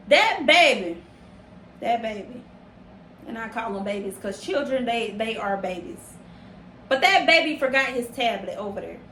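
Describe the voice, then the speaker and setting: A woman's voice: sits high, a bit bright, reverberant, slight background noise. A woman hosting a casual podcast, talking emphatically and repeating phrases for stress as she grows heated. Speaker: podcast host.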